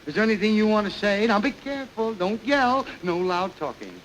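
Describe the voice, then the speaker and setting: A flustered comic army officer. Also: male voice, sits high, expressive, fairly quick. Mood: fussy. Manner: melodramatic, fussy, swings from loud to hushed. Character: fussy, flustered male officer leading a comic execution. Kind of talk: 1920s film comedy acting. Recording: crackly 1929 film soundtrack hiss.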